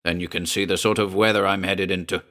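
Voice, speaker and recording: A man voicing a gruff, frightened old sea captain who talks in salty sailor's speech, low and brooding. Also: little pitch movement, fast talker, a bit bright.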